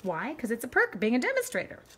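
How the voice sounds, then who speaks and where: A woman's voice: fairly high pitch, huge pitch swings, quick pace, pushed and bright, breathy edge. Chatty woman demoing crafts live. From Canada. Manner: chatty, upbeat, greets live viewers by name. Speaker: card-making demonstrator.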